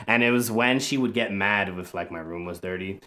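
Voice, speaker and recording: Low soft-spoken young man. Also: fairly quick. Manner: rambling, soft-spoken, with frequent fillers. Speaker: guest, content creator. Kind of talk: casual podcast chat.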